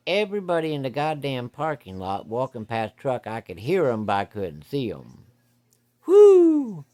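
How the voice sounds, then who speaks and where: Guy telling a hunting yarn, cussing a lot, voice all over the place. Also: mid-range voice. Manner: folksy, profane, vivid. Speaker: storyteller. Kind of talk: casual spoken storytelling.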